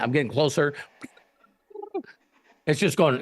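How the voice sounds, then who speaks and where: Male coach, middle pitch, blunt and profane, animated storyteller. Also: normal speed, pauses often. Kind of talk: live Q&A coaching talk.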